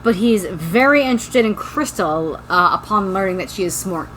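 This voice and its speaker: A woman co-hosting a podcast, recapping a book in casual chat, animated and swearing freely. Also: mid-range voice, moderate pace, slight background noise, low-quality recording. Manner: animated, swears freely, acts out quotes in silly voices. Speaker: podcast co-host.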